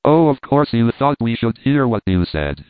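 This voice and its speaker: A man's voice: medium pitch, very animated, moderate pace, no echo, lightly acted. A man voicing an indignant young shop assistant, self-righteous and huffy. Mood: scolding. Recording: dry, tinny phone-like sound.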